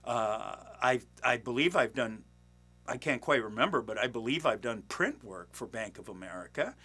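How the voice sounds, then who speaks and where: A man with a bright, forceful voice, middle-aged, chatting about his acting work. He rambles, restarts sentences and fills pauses with plenty of uhs and ums. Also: medium pitch, lively intonation, slightly rough. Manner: rambling, many fillers and restarts, chuckles. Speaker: working actor, podcast host. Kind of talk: casual storytelling monologue.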